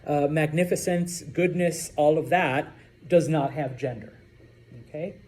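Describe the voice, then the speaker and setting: A man teaching a Spanish class, lecturing in a lively way and often checking in with "okay?". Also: fairly high pitch, unhurried. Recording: echoey classroom from far off.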